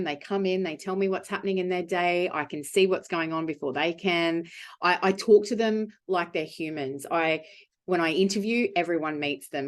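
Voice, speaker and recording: Woman, low voice, business owner guest, blunt and upbeat. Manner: frank, emphatic and upbeat. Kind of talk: candid interview answers.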